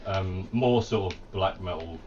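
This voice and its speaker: A man's voice: sits low, a little slow, a little mellow, lo-fi sound, slight background noise. A man making short, dry remarks in a casual chat during a live game stream. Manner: brief, dry interjections. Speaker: co-host in the stream.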